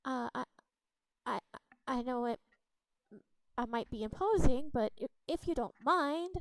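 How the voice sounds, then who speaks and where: A woman's voice: high voice, lively intonation, unhurried, dry recording, pitched above the performer's own voice, low-quality recording. A woman voicing a shy young princess who stammers and hesitates when she speaks. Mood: timid.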